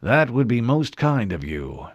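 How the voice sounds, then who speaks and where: A man's voice: mid-range voice, very animated, unhurried, slightly rough, no room sound, highs cut off. A man doing a stern older fleet admiral. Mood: dry.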